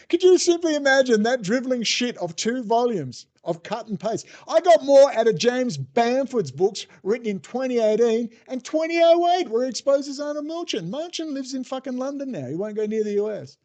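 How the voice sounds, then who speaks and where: An Australian man with a rather high voice holds forth in a rambling rant, swearing freely and dripping with sarcasm. He sounds exasperated and scornful as he runs down his targets. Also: a little mellow. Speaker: political commentator. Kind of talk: ranting monologue. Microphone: desk setup with bookshelf behind.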